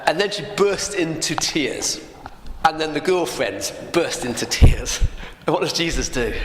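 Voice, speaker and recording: Lively man telling a Bible story. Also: a little high, unhurried. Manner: lively, asks tag questions of listeners. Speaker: Bible teacher. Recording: echoey room with long reverb, faint noise.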